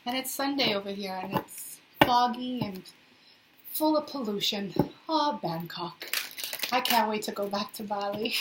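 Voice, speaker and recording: A woman's voice: medium pitch, expressive, unhurried. Young woman doing a laid back tarot reading, playful and sassy, a bit of background hiss. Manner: chatty, playful, sassy asides. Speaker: tarot reader. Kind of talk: casual tarot reading to viewers. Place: indoors in a hot, humid city flat.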